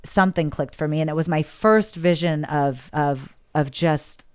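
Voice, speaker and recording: A woman's voice: deep voice, moderate pace, clear, resonant tone. A woman as a podcast guest, candidly and emotionally telling a personal story, often acting out what others said. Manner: candid, emotional, quotes others in lively voices. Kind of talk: casual interview storytelling.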